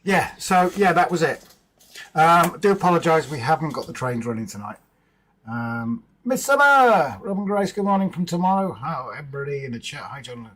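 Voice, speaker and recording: A man's voice: on the high side, expressive, brisk, a bit bright, low-quality recording. A man hosting a casual livestream from home, chatting informally with viewers in the chat and bantering with his partner. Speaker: livestream host.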